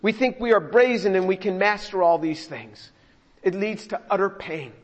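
Expressive male preacher in a reverberant hall. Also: sits high, moderate pace, dull audio. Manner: expressive, acts out the scripture he reads. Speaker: pastor. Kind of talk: sermon.

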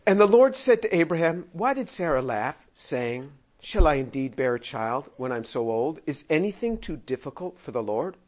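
A man preaching through a Bible passage, animated, laughing often and acting out the quoted lines in voices. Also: a little high, moderate pace, few pauses. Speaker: pastor. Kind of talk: expository sermon reading and commenting on scripture.

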